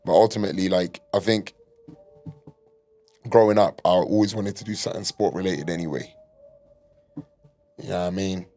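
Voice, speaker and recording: A man's voice: deep voice, moderate pace, pauses often, warm tone, soft background music. A young man hosting a casual podcast chat, loose and joking with plenty of slang and swearing. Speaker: podcast host.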